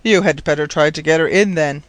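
Storybook casting: a grave, gentle elderly scholar, read by a male narrator, fairly high voice. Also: brisk, no echo, natural voice. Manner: mild, grave. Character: kindly old learned professor, grave and mild.

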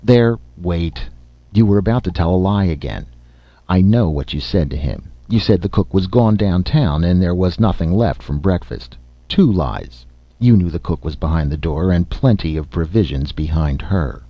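A man's voice: low-pitched, animated, moderate pace, dry recording. A man voicing an insolent, sneering male dwarf who talks in an elaborate mocking drawl. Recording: slightly muffled lo-fi recording.

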